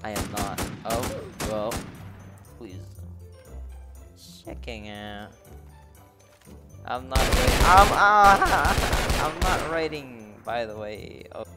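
A man's voice: fairly low pitch, slow pace, long pauses, over loud music. A man giving casual, jokey gameplay commentary, laughing and swearing often. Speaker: gamer.

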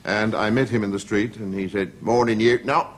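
A man's voice: on the low side, brisk, a bit bright. A man telling anecdotes as a talk show guest, a witty raconteur who acts out the people in his stories. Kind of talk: anecdotal storytelling. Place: TV studio with an audience. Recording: hissy old TV recording.

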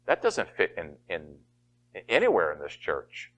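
Animated laughing pastor preaching. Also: male voice, mid-range voice, normal speed. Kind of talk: sermon.

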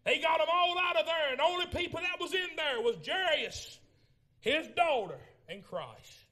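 A man preaching a Pentecostal sermon in a church, swinging from shouted lines to low murmurs as he tells the story. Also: lively intonation, moderate pace. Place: church sanctuary.

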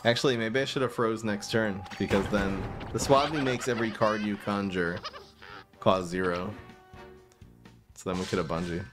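A man giving casual live-stream commentary while playing a card game, thinking aloud and bursting into giggling excitement. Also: on the low side, normal speed, over music.

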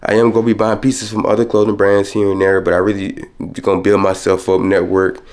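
A young man chats straight to camera from home, rushing his words and filling them with casual slang. His voice sits low and carries a gravelly rasp. The talk runs quick and loose. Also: monotone, darkish tone. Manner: talks fast and rushes his words; loose, slangy, peppered with "you feel me". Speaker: vlogger. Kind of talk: casual vlog chat to camera.

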